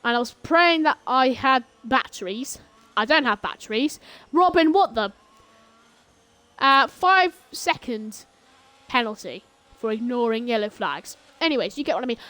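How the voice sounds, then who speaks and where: A young woman commentating a live sim race on stream, grumbling between calls and bursting into excited shouts during battles. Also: a little high, unhurried, dry recording.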